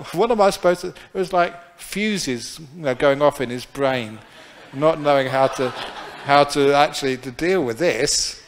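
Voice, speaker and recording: A man's voice: fairly high pitch, unhurried, a little hiss or hum. A man, a Buddhist monk teacher, giving a dharma talk and telling stories in a chatty, playful way. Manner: chatty, playful, laughs often. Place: temple hall.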